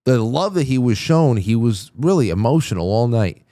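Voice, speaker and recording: A man's voice: mid-range voice, very animated, moderate pace, dark tone, dry recording. A man hosting a talk show in casual on-air chat, rambling with lots of restarts and stammers.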